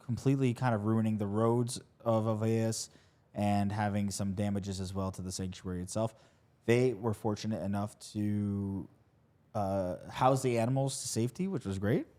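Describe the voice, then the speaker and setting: A man's voice: medium pitch, warm tone. A man co-hosting a podcast in loose, jokey, profane banter, with many fillers and restarts. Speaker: podcast co-host. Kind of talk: casual podcast chat.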